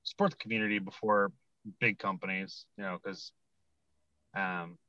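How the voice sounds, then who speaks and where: A man's voice: sits low, fairly even intonation, normal speed, bright, forceful tone, dry recording. Easygoing man, dull lo-fi mic. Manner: easygoing, many ums and you-knows. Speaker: guest collector. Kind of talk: casual video-call chat.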